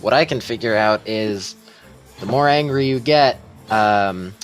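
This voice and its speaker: A man's voice: on the low side, a little slow, faint music behind. A man playing a tabletop game, hesitant and full of restarts as he talks things through. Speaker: player. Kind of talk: casual tabletop game chat.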